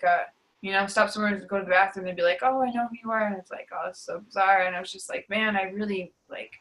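A young woman giving an emotional personal testimony in an interview, confessional and full of fillers, her voice sinking to a hush on the painful parts. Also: medium pitch, low-quality recording. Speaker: guest sharing testimony.

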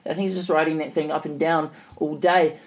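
A man's voice: a little high, steady tone, fairly quick. Rambling man recapping a show. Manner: rambling, filler-heavy recapping. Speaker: podcast co-host. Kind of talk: casual chat.

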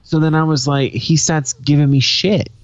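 A man's voice: a little high, dry recording, dull audio. A man from Boston co-hosting a podcast, talking bluntly with plenty of swearing and laughter. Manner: blunt, profane, quick to laugh. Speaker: podcast co-host. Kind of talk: casual chat.

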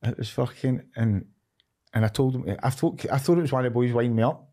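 A man's voice: medium pitch, quick pace, mellow. Frank Glaswegian man, middle-aged. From Scotland. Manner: frank, swears a lot, often says "you know what I mean". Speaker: podcast guest. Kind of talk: candid conversation.

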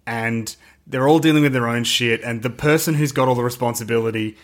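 Animated man recounting favorite scenes. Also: mid-range voice, fairly quick. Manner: animated, laughs while retelling scenes. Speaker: film podcast co-host. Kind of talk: casual film review chat.

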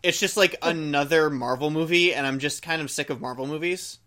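A man's voice: fairly high pitch, fairly quick, bright, forceful tone. A man co-hosting a casual podcast, giving opinions in a rambling way with many restarts. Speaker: podcast co-host. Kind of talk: casual chat.

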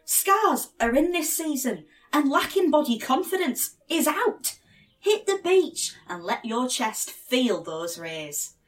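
A woman's voice: high voice, sing-song, slow, far from the mic. A woman with a Northern English accent doing blooper takes of a mock advert read, giggling between lines. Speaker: voice actor.

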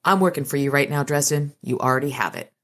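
A woman's voice: sits low, fast talker. A woman reading a cool mercenary gunman. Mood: cold. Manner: calm, dry and unbothered. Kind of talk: reading a novel aloud.

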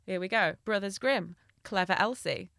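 A woman's voice: medium pitch, moderate pace, creaky. A young woman co-hosting a comedy podcast, reading a folk tale aloud with jokey asides and frequent laughs. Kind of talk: casual comedic storytelling.

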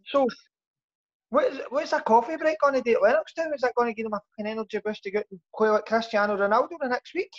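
A man's voice: very high voice, fast. Exasperated man, lo-fi sound. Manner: exasperated, sweary. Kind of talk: casual football chat. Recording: muffled lo-fi audio.

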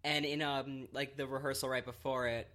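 A man's voice: mid-range voice, level tone, moderate pace, bright, forceful tone. A man co-hosting a podcast in casual chat, sleepy after a late night and rambling with many fillers. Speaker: podcast co-host.

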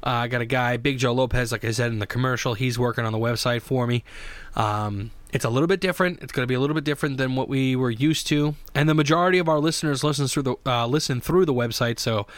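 A man's voice: medium pitch, fast, no room sound. Rambling, joking man hosting a podcast. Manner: rambling, joking, with many restarts. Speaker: podcast host. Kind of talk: casual solo podcast monologue.

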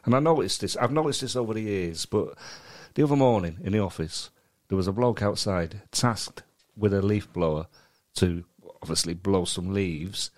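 A man's voice: low-pitched, normal speed. A man co-hosting a casual comedy podcast, rambling and reading a news story aloud with wry asides. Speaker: podcast co-host.

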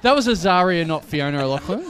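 A man, a comedian guest, teasing the others in quick banter on a live podcast. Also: high voice, sing-song, a crowd in the background, background noise.

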